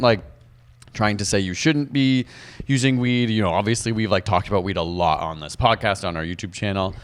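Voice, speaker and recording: Guy on a podcast, low voice, thoughtful, lots of likes. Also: clear, resonant tone. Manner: thoughtful, hedging with many "like"s. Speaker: podcast co-host. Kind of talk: casual chat.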